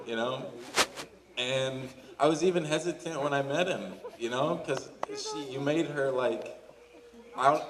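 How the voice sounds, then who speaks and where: A young man in his twenties giving an emotional wedding toast for his sister, halting and full of fillers. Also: on the high side. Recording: distant camera, crowd noise behind.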